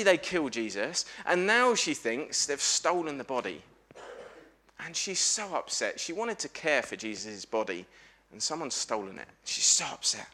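A man giving a lively family sermon in church, telling a story and asking the congregation questions. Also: a little high. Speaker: preacher at a family service. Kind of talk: lively all-age sermon with questions to children.

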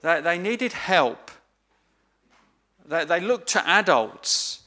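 Male preacher, sermon delivery, unhurried pace, slightly high, bright tone, earnest and emphatic. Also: expressive. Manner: earnest, emphatic, with repeated phrases and small restarts.

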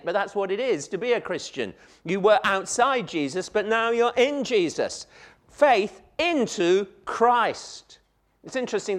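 A man preaching a sermon, emphatic, repeating key phrases and speaking straight to his listeners. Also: high-pitched. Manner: addresses the listeners directly.

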